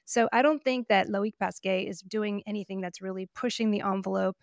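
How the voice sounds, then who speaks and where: Woman, podcast co-host, casual opinionated chat, mid pitch, dry close mic. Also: steady tone, a little fast, vocal fry, dry recording. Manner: opinionated, chatty, lots of fillers and laughs. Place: living in Oregon.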